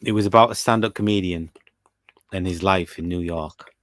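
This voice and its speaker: A man's voice: low voice, moderate pace, fairly bright tone. A young British man hosting a casual podcast chat, teasing his co-host and reading out quiz questions and listener comments. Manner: chatty, teasing, reads listener comments aloud.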